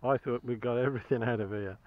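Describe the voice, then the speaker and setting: A man's voice: mid-range voice, steady tone, fast, phone-quality sound. A man chatting cheerfully to the camera as he metal-detects outdoors, chuckling and enthusiastic about each find. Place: outdoors in a field.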